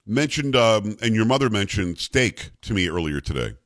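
A man's voice: fairly low pitch, sing-song, a bit bright, dry recording. A man hosting a talk radio show, who grew up in South Florida, giving emphatic, opinionated commentary. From South Florida, USA. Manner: emphatic, ranting, rapid-fire delivery.

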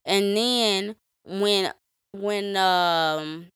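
A woman with a mid-range voice talks through stories on a podcast, keeping it conversational with fillers and quick asides. The sound is dry and close, with no room echo. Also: mid-range voice, fairly bright tone, clean tone. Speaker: podcast co-host. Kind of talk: casual storytelling chat.

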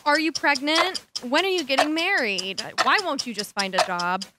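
A woman playing a podcast word game, giving chirpy, quick answers. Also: high-pitched, lively intonation, heavy background noise. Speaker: podcast guest player.

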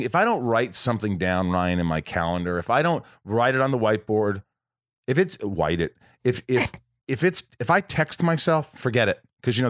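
A man's voice: mid-range voice, no room sound, studio quality. A man hosting a podcast from home in casual chat, rambling along with frequent restarts and self-corrections. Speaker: podcast host.

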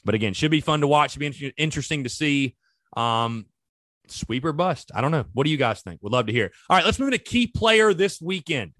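Lively man talking baseball on a podcast. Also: on the high side, fairly quick, no echo. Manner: animated, conversational, talks straight to listeners. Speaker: podcast host. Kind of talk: solo sports podcast talk.

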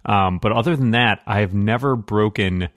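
Low-voiced wry male host, dry sound. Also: normal speed, no echo. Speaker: podcast host. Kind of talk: casual chat. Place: his office.

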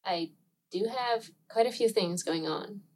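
A woman's voice: medium pitch, unhurried, a little mellow. A woman guest on a podcast, a comics creator, giggly and self-deprecating in casual chat.

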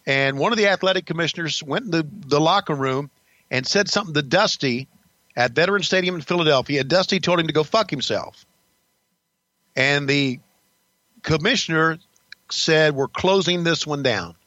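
A man's voice: fairly high pitch, normal speed, long pauses, bright, forceful tone, no room sound, muffled recording. Blunt older man telling war stories. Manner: blunt, profane, rambling with restarts. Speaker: podcast host recalling wrestling career. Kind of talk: casual storytelling.

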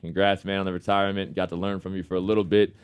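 A relaxed man on sports radio with a lowish voice. He talks loosely and laughs often, and he calls people man and brother. The sound is dry and close, from a studio microphone. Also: very fast, clear, resonant tone, dry recording. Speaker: radio show host, football quarterback. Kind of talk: casual sports radio chat.

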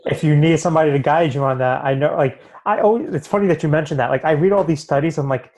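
Animated man explaining medical topics. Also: on the high side, quick pace, hardly any pauses, rough recording. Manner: animated, explains with lots of rhetorical "right?". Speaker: naturopathic physician guest. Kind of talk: casual interview explanation.

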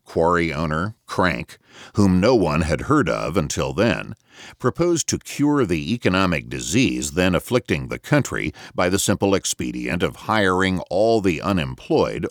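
A man reading a novel aloud as audiobook narrator, measured and reflective, close to a studio mic. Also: deep voice, big pitch swings, no echo.

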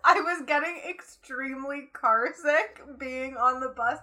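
A young woman on her podcast, laughing at herself as she recounts stories with lots of "like". Her voice sits high and sounds bright and crisp. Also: a little slow. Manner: giggly, self-deprecating storytelling with many "like"s. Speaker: podcast co-host. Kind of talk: casual chat.

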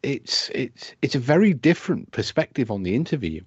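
A man with a British accent co-hosting a podcast, talking in a dry, measured way and pausing as he looks for words. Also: medium pitch, very animated, husky, no echo, lo-fi sound. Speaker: co-host. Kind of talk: casual podcast chat.

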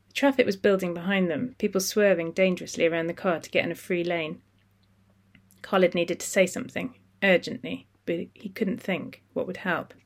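An audiobook narrator reading literary fiction at a steady, measured pace. The voice sits in a middle register, even and controlled between the character voices. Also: mid-range voice, vocal fry.

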